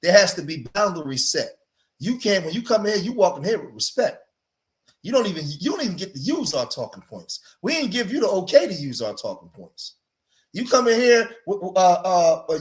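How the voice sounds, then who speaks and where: Man hosting a livestream, fairly high voice, preachy, emphatic, repeats himself. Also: big pitch swings, fairly quick. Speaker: streamer and commentator. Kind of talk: livestream commentary.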